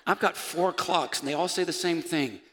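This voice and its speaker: A man preaching a sermon as pastor, moving between loud calls and hushed, near-whispered passages. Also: a little high, moderate pace. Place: church sanctuary. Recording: church sanctuary with long reverb.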